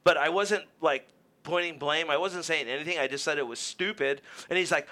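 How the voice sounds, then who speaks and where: An animated man with a bright, forceful voice and a slightly high pitch, telling a heated story on a talk radio show. He acts out the other people in his story as he goes. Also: fairly quick. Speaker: team manager. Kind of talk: heated casual radio chat.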